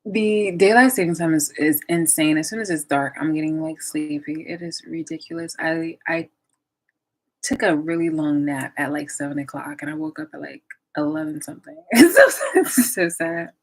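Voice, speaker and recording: A woman's voice: low voice, steady tone, moderate pace, poor audio. Chatty young woman on a live stream. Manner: chatty, lots of fillers and restarts. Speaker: vlogger waiting for live chat. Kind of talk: casual rambling live stream.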